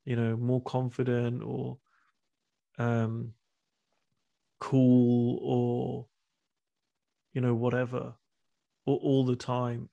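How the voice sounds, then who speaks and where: On a casual video call, a guest speaker who coaches men's retreats speaks openly and frequently restarts his phrases. He's in his thirties, with a medium-pitched, creaky voice and a dark tone.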